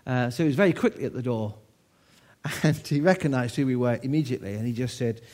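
A man's voice: mid-range voice, fairly quick, a little mellow. A man in his sixties from the United Kingdom preaching a sermon to his church, telling a story in a conversational way with rhetorical questions.

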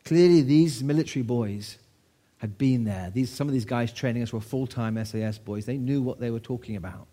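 A man's voice: mid-range voice, a little fast, warm tone. A man in his sixties from the United Kingdom preaching a sermon to his church, telling a story in a conversational way with rhetorical questions.

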